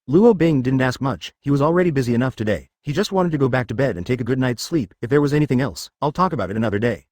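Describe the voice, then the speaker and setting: A man's voice: mid-range voice, a little mellow, no room sound, clean studio sound. A man reading a story aloud as scripted audiobook narration, in a matter-of-fact way.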